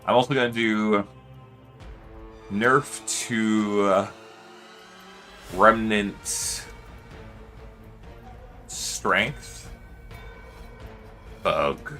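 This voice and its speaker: A man's voice: on the low side, extremely slow, pauses often, pushed and bright, soft background music. A man streaming and chatting casually, rambling with lots of fillers and loose swearing. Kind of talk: casual livestream chat.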